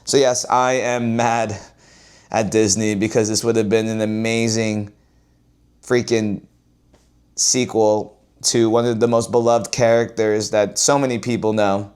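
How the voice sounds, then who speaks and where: A man's voice: lowish voice, unhurried, smooth. Ranting man vlogging to camera. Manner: animated, repeats phrases, swings from loud exclaims to mutters. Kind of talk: casual ranting monologue.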